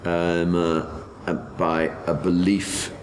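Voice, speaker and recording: A man speaking as a commentator in a documentary interview, measured and full of pauses and hesitations. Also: low voice, completely flat delivery, slight background noise, rough recording. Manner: slow and measured, with many hesitations.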